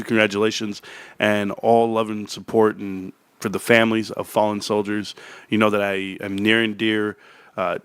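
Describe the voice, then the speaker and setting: A man's voice: lowish voice, fairly bright tone, clean tone, no echo. A man hosting a stock market channel, chatting casually in an upbeat, rambling way with frequent fillers while his voice recovers from strain. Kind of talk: casual livestream talk.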